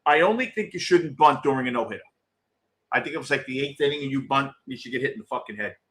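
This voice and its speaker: A middle-aged man with a medium-pitched voice talks fast as host of a postgame show. He chats casually with viewers, reacting bluntly and excitedly to a live game and swearing freely.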